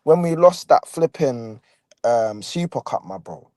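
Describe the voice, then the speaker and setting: A young man, talking excitedly and casually as a football fan, full of slang and repeating "bro" and "you understand". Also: medium pitch, unhurried, no echo, studio quality. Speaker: guest fan.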